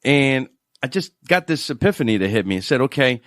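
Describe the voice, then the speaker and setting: A man with a New Orleans accent, a financial adviser guest on a radio show, telling stories in an animated way and laughing often. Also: mid-range voice, brisk, no room sound, clean studio sound. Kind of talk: radio interview chat.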